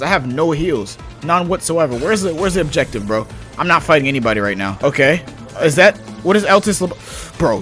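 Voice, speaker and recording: A young man talking over his gameplay in a high, bouncy voice that leaps all over the place. His tone is bright and sharp, with faint music playing behind him. He is excitable and slangy, firing off exclamations at the screen. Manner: excitable, slangy, yelps and shouts at the game. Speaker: gaming YouTuber. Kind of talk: casual gameplay commentary.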